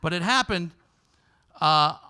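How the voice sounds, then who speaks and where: High-pitched guy doing a stand-up story onstage, really bright and sharp, gets loud and giddy acting out his younger self. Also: lively intonation, takes it slowly, smooth. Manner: self-mocking, chronological storytelling with asides. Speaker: comedian host. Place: on stage before a live audience.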